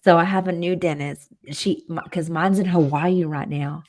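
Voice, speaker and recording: A woman's voice: lowish voice, moderate pace, a little hiss or hum. A woman co-hosting a casual web show, telling funny stories and acting out what people said. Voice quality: animated storyteller who acts out quotes. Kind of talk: casual chat.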